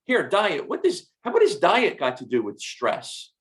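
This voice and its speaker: A middle-aged man hosting a health podcast, telling stories in an animated, repetitive way. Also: high-pitched, measured pace. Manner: animated storyteller, repeats words. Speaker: podcast host and doctor. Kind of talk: casual interview chat.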